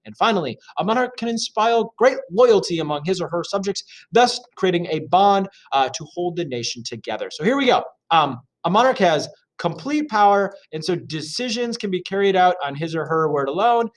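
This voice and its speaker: A man's voice: sits high, lively intonation, normal speed, hardly any pauses. A man reading and explaining a social studies lesson, chatty with jokey asides and frequent fillers. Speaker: teacher.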